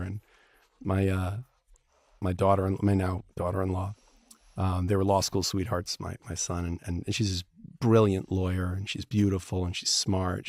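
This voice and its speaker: In a dry recording, a deep-voiced middle-aged man who works as a divorce lawyer and writes books shares frank, profane stories. He's an animated storyteller in a casual interview.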